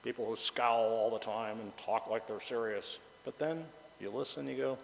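A man's voice: mid-range voice, normal speed, vocal fry, big-room sound, slight background noise, poor audio. A male pastor preaching a conversational sermon, chatty and joking, bantering with the congregation.

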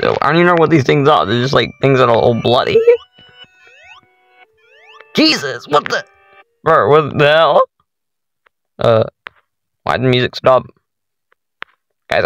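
Gravelly, wildly swinging male gamer. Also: mid-range voice, fairly bright tone, dry recording, low-quality recording. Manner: jumpy, exclaiming at every scare, talks to viewers as guys. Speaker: gaming YouTuber. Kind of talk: horror game let's play commentary.

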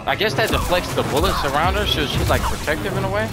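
Young male gaming commentator, excitable and reactive, with a lively, bouncing pitch, voice a bit high for a man, over loud game music. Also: quick pace. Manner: excitable, swings between frustration and amazement. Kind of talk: live gameplay commentary.

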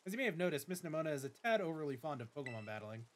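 A man's voice: a little high, sing-song, very fast. A man voicing a formal, slightly pompous older male academy director while reading game dialogue aloud.

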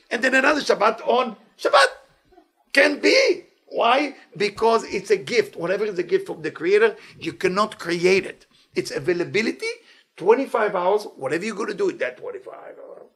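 Husky, gravelly-voiced man preaching. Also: high voice. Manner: animated, acts out voices with laughs and exclamations. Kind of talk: sermon.

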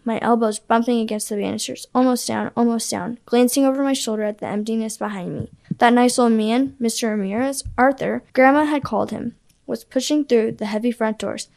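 A young woman reading a spooky story aloud in a hushed, suspenseful way. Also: fairly high pitch, vocal fry. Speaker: student narrator.

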